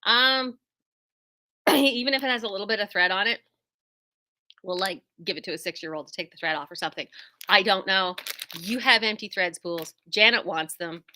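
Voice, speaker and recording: Chatting casually to her viewers, a middle-aged woman who runs a quilt shop and hosts speaks at a medium pitch and moderate pace, with long pauses. She drifts into tangents, teases herself, and adds spirited asides.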